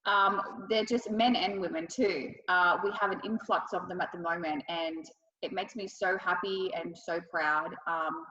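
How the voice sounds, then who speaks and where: A woman's voice: lowish voice, a bit bright, roomy sound, in a large hall, highs cut off. A young woman with a thick Australian accent, answering interview questions with effusive enthusiasm and lots of fillers. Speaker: wrestler.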